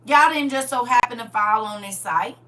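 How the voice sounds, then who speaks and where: Speaking at a normal speed in a fairly high voice, a woman reads Bible passages during a casual livestream and preaches about them, firing off rhetorical questions. She shifts between loud and quiet, picked up by a faraway mic.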